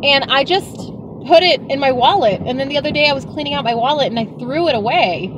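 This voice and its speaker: A young woman chatting casually to her vlog audience, telling stories in an animated, exasperated way. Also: high-pitched, quick pace, noisy background. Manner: animated storytelling, exasperated retelling. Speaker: vlogger.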